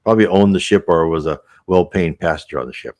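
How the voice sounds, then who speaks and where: A man's voice: low voice, quick pace. A man reading an old text aloud and adding rambling, casual commentary. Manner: rambling, animated, many restarts. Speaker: reader and commentator.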